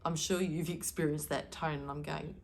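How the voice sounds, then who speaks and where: A woman's voice: deep voice, steady tone, normal speed, darkish tone. A woman speaking directly to camera as a spiritual card reader, giving earnest, emphatic advice.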